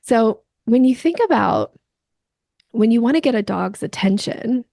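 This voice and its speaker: A woman guest on a podcast, a sales coach explaining her ideas in lively conversation with playful examples. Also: a little high, a little slow, gravelly, no room sound, studio quality.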